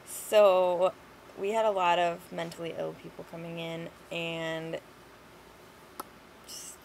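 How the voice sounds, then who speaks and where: A woman's voice: lowish voice, flat delivery, slow, gravelly, long pauses, darkish tone, slight background noise, low-quality recording. A young woman vlogging in a blunt, exasperated, sweary ranting monologue.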